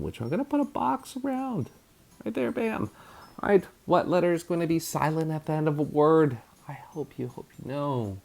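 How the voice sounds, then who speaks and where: Male teacher, unhurried, slightly creaky voice; sounds out syllables, energetic asides. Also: on the high side. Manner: energetic, sound effects like bam; sounds out letters slowly. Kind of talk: spelling lesson for children.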